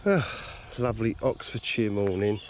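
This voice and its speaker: Bloke vlogging by a lake on a camcorder, lowish voice, jokey, faint birds behind. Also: male voice, normal speed, slight background noise. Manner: chatty, jokey, self-mocking. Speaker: carp angler vlogger. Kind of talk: casual outdoor vlog chat. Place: outdoors by a lake. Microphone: handheld camcorder.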